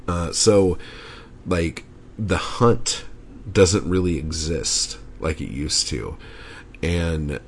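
A man with a deep, creaky voice speaks extremely slowly over a little hiss or hum. Hosting a casual solo podcast, he rants and rambles, swearing a lot and leaning heavily on "like" and other fillers.

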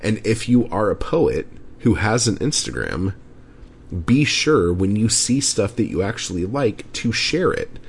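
A man's voice: on the low side, big pitch swings, a little slow, gravelly, slight background noise. A man hosting a podcast, ranting casually and rambling with lots of swearing and filler words. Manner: profane, rambling, frequent "like" fillers. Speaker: podcast host. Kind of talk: casual solo podcast rant.

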